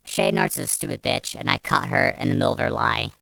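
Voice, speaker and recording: A woman with a low, smooth voice tells a storytime rant, swearing heavily and restarting her sentences as her anger builds. The sound is dry and close, with no room around it. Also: very animated, quick pace, few pauses, fairly bright tone, no room sound. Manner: angry, profane, rambling with restarts. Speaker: vlogger.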